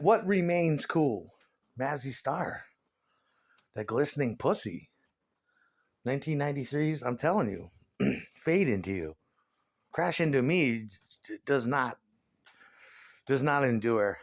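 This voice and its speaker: A middle-aged man doing a profane, animated stand-up rant about his past. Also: medium pitch. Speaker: comedian.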